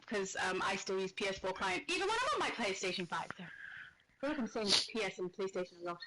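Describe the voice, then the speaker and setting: A woman's voice: mid-range voice, very animated, fast talker, sharp tone, a little hiss or hum, poor audio. A woman co-hosting a casual gaming livestream, chatty and laughing often as she reads chat aloud. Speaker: livestream co-host. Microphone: home streaming microphone.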